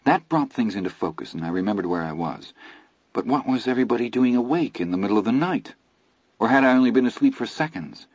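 A man reading a first-person story aloud in a measured, low-key way. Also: expressive, darkish tone, no room sound. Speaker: audiobook narrator. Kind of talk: scripted first-person narration. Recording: dull lo-fi audio, dry.

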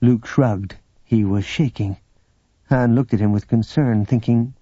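A man reading scripted narration for an audiobook in a measured, steady way. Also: medium pitch, dry recording. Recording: dull lo-fi audiobook recording.

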